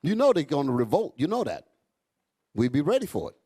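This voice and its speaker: A man's voice: a little fast, slightly rough. A man preaching a fiery, profane sermon to his congregation, calling out to them as he goes. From United States. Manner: loud, animated, swings high and low, profane, asks crowd "y'all all right?".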